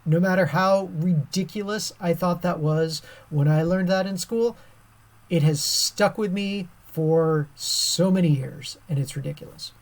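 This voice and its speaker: A woman's voice: fairly low pitch, a little slow. A woman teaching a science lesson over a screen recording, chatty and casual with many fillers.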